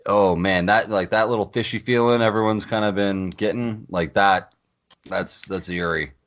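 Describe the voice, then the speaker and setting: A man's voice: lowish voice, steady tone, normal speed, fairly bright tone, dull audio. A man co-hosting a podcast, chatting casually and enthusiastically, retelling scenes with lots of fillers. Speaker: podcast co-host. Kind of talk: casual chat.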